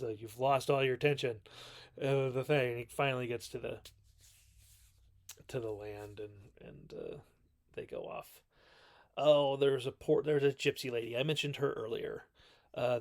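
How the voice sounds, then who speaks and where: A man's voice: mid-range voice, vocal fry. A man hosting a casual movie recap video, rambling and correcting himself as he goes. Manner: rambling, self-correcting, quotes characters in mock voices. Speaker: video host reviewing classic films.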